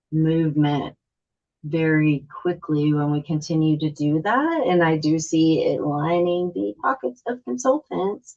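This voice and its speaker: Woman on a video call, slow hesitant frank talk, kinda low voice, muffled lo-fi audio. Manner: frank, hesitant, many fillers. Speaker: housing board member. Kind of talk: meeting discussion.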